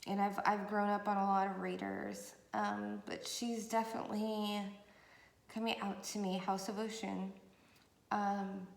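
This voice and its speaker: A woman's voice: mid-range voice, flat delivery, unhurried, vocal fry. A woman giving a chatty, rambling tarot reading with many fillers, recorded on a camera mic. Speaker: tarot reader. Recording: echoey room with faint noise.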